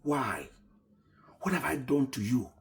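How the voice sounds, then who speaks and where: Middle-aged man, mid-pitched voice, earnest personal storyteller, slips into hushed tones. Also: sing-song, unhurried, vocal fry. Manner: earnest, emotional retelling, often dropping to a hushed voice. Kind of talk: personal story told to camera.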